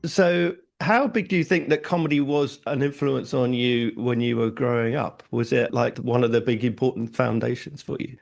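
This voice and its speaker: A man's voice: medium pitch, steady tone, normal speed, vocal fry, hardly any pauses, a little mellow. A man hosting a podcast, reading a formal guest introduction and then asking interview questions. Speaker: podcast host.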